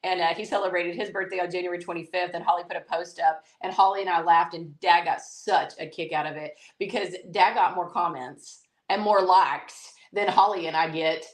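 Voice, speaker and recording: A woman's voice: on the low side, fairly even intonation, normal speed, hardly any pauses. A woman with a Southern US accent from East Tennessee, co-hosting a casual livestream and greeting viewers in a chatty way, full of "like" and "um". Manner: chatty, many "like" and "um" fillers. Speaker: co-host of a livestream. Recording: echoey room.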